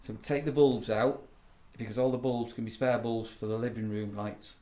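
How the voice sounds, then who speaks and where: A middle-aged man, chatting casually and rambling through animated stories. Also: medium pitch, normal speed. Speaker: vlogger, campsite warden. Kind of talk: casual chat.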